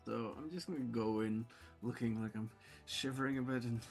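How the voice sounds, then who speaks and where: A man with a gravelly voice playing a tabletop game, talking slowly and laughing between lines. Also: medium pitch, soft background music. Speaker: player.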